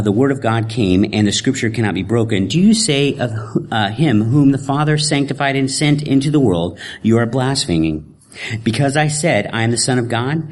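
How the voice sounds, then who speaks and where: A man's voice: medium pitch, a little mellow. A male preacher giving a conversational sermon with frequent informal asides.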